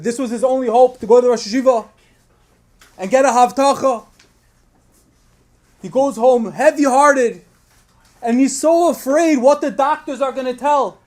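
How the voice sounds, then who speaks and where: A man with a high voice delivers a storytelling sermon at a religious program. He speaks earnestly, and the emotional weight of his telling keeps building. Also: normal speed, long pauses. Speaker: speaker at a Tisha B'Av program.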